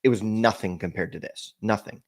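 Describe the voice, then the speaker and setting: A man, a podcast guest, telling an emotional personal story in a halting way, with frequent restarts and repeated words. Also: on the low side.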